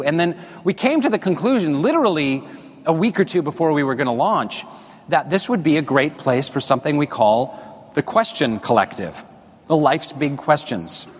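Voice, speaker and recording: A man's voice: a little high, animated, normal speed. A man giving a stage talk to an audience, rambling and self-deprecating, joking with the crowd, on a body mic. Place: stage in a large hall. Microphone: wearing a body mic. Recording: long reverb of a large hall.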